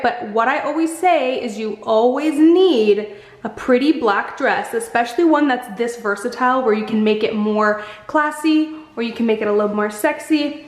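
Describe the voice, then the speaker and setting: A woman with a fairly high voice talks through a try-on clothing haul in an eager, casual way, sprinkling in "like" as she goes. Her voice bounces around a roomy space. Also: normal speed. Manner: chatty, enthusiastic, lots of "like". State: slightly out of breath. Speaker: fashion vlogger. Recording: echoey room.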